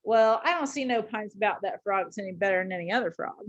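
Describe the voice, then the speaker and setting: A woman reading aloud as a doubtful stranger who talks slowly and deliberately in a folksy dialect. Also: high voice, big pitch swings, husky, highs cut off, voice pushed up, exaggerated voice. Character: deliberate doubtful stranger man at mining camp.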